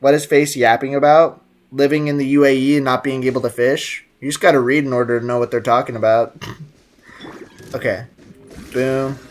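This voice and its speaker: A man's voice: medium pitch, little pitch movement, normal speed. A man streaming a game, chatting casually and jokingly, reading messages from his chat aloud.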